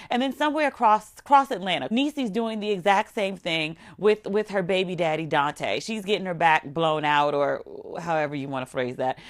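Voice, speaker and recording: A woman vlogger giving a blunt, sassy, comedic recap of a TV episode, often mimicking people's reactions. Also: fairly low pitch. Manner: sassy, blunt, animated with mock quotes.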